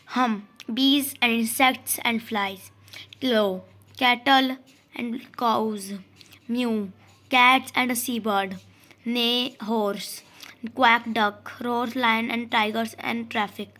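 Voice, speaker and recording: Woman, vocabulary lesson reading, very slow, long pauses, slightly high voice. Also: steady tone, sharp tone. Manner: reads word lists slowly with long pauses.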